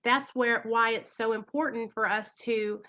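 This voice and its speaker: A woman speaks straight to her viewers from home, earnest and emotional as she hosts a recovery channel. Her voice sits a little high and rings bright and forceful. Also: fairly even intonation, measured pace. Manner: earnest, emotional, keeps addressing viewers directly. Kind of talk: livestream talk to viewers.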